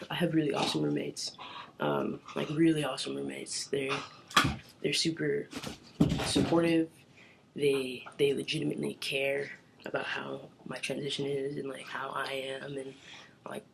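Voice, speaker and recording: A man's voice: fairly high pitch, vocal fry, background noise. A young man chatting casually to the camera in his bedroom, rambling with lots of filler words and casual swearing. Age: young adult. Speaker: vlogger.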